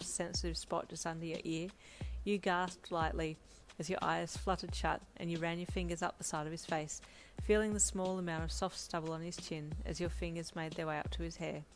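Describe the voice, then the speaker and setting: Woman reading a romance story softly. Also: fairly low pitch, a little hiss or hum. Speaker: fan fiction reader. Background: faint lo-fi music.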